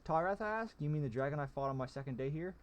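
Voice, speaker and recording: A man's voice: a little high, animated, fast talker, slight background noise, pitched above the performer's own voice, natural voice. Blunt young gladiator hero, read by a man, cheeky and emphatic, storybook read-aloud.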